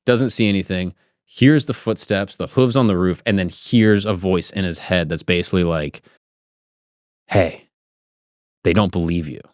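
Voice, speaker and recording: A man's voice: lowish voice, no room sound, clean studio sound. A young man hosting a podcast, telling a spooky story casually with loose rambling speech, many "like" fillers and swearing. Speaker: podcast host.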